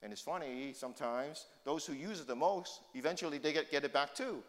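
An older man preaching a sermon as a pastor, shifting between loud emphatic points and quiet asides. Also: on the high side, brisk, long reverb tail.

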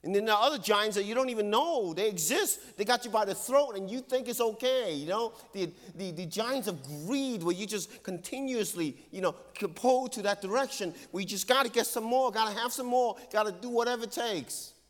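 A man's voice: a little fast, hardly any pauses. Earnest preacher man with hall echo. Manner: earnest, swings between loud emphasis and hushed low tones. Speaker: pastor. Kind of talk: sermon. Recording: long hall reverb.

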